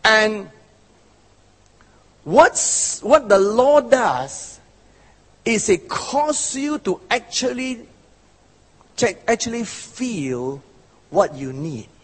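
A man's voice: sits high, sing-song, husky. Emphatic preacher man in a reverberant hall. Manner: emphatic, drawn-out phrasing with bursts of force. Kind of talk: sermon.

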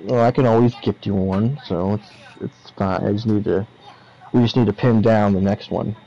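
A man's voice: on the low side, steady tone, moderate pace, dark tone. A man co-hosting a game stream, playful and teasing in casual chat. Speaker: co-host. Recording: dull, lo-fi sound.

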